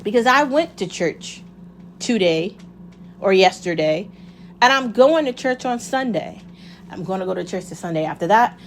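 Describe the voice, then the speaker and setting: A woman's voice: medium pitch, expressive, normal speed, slight background noise. A woman talking straight to camera in a casual monologue, impassioned and blunt, swearing freely and asking herself rhetorical questions. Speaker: vlogger.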